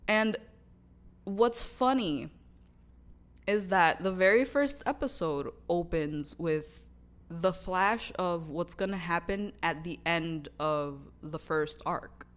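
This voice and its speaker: A woman's voice: fairly low pitch, slow pace. A woman in her twenties chatting casually about anime as a vlogger, candid and profane. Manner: candid and profane, lots of fillers and restarts. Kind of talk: casual chat.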